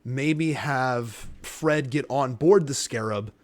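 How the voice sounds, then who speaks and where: Young dude on a podcast, super excited, swears a lot, does little voices. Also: male voice, mid-range voice. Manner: excitable, swears freely, acts out scenes in quick impressions. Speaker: podcast co-host. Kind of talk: casual chat.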